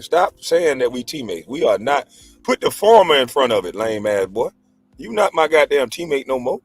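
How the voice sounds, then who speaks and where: A man's voice: mid-range voice, big pitch swings, normal speed, slightly rough, faint music behind. A man in his forties, a livestream host and former pro basketball player, ranting in a heated, profane, mocking way. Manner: mocking, profane, combative, laughs scornfully. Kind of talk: heated casual rant.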